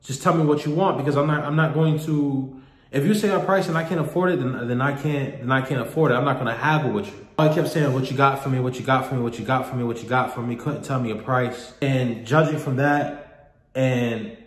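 A man tells a personal story straight to the camera in a candid, loose, profane way, circling back and repeating words as he goes. His voice sits at an ordinary mid pitch. The room around him gives a noticeable echo. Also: a little fast. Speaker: vlogger telling a personal story. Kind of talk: casual storytelling monologue.

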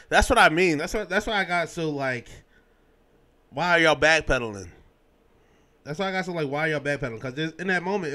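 A young man hosting a podcast, giving his sports opinions in a casual, animated way, full of slang and restarts. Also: fairly high pitch. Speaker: podcast host.

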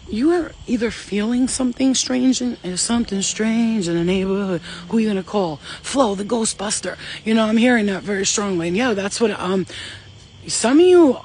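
A woman's voice: mid-range voice, normal speed, darkish tone, slight background noise. A woman speaking as a spiritual medium in a casual channeling vlog, rambling, emphatic and swearing freely.

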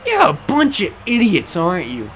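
A let's play commentator ranting with open frustration and plenty of swearing. The voice swings widely up and down, pelting the game's makers with exasperated rhetorical questions. It sits at a middle pitch. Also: huge pitch swings, normal speed, fairly bright tone, slight background noise. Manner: angry, profane, exasperated ranting. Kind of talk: gameplay commentary rant.

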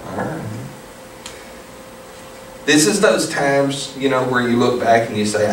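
A man preaching a sermon as pastor, telling a story in a relaxed, conversational way and putting questions to his congregation. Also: mid-range voice, slow, pauses often, a little hiss or hum. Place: church sanctuary. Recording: echoey hall, distant mic, room ambience.

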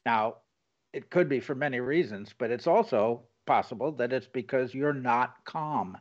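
A man's voice: medium pitch, lively intonation, moderate pace, highs cut off. A man hosting an interview, explaining and affirming his guest's points. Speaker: host. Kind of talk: casual interview chat.

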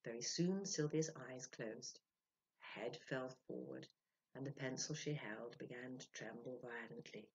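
A woman storyteller giving an expressive reading of a ghost story, dropping to a hush at tense moments. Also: a bass voice, moderate pace, husky, muffled recording.

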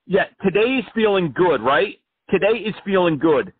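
A man's voice: expressive, moderate pace, a little hiss or hum. A man playing a blowhard politician begging donations. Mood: pompous. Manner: rambling campaign pitch, brash and absurd. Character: self-important male fringe politician, a smooth-talking blowhard. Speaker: prank caller. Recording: phone-like line.

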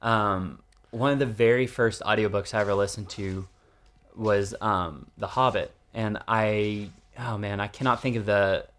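A man with a somewhat low voice, chatting easily on a podcast. He rambles through his points, filling the gaps with fillers as he searches for words. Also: a little slow. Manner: relaxed, rambling with many fillers. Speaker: podcast co-host. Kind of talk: casual chat.

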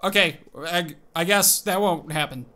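A young man giving excited, animated commentary on his own gameplay, calling out tricks and reacting aloud. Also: high voice, a little slow, a little hiss or hum. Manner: animated, exclaims and narrates tricks to himself. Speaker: gaming video host.

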